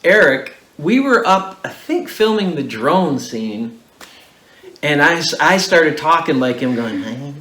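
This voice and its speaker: A man's voice: animated, slow pace, a bit bright. Chatty man with a roomy echo. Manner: chatty, laughing, jumps up in pitch when joking. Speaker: co-host and actor in the web series. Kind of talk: casual behind-the-scenes chat.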